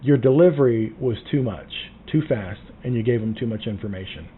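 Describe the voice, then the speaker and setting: A man from the Southern United States coaching insurance agents on phone sales, emphatic and sometimes dropping to a hushed tone. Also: moderate pace, husky. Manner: emphatic, drops to a low hush for key points. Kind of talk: casual teaching monologue. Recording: tinny phone-like sound with faint noise.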